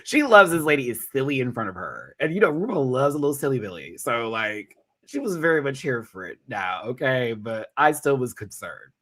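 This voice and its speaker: A man, casually reviewing a drag competition on a live stream, animated and quick to laugh. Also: medium pitch. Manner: animated, jumps into impressions and laughs often.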